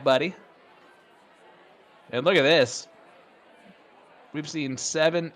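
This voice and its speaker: A man doing casual play-by-play darts commentary, chatty and rambling, getting excited on big throws. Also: fairly high pitch, takes it slowly, pauses often, a faint crowd.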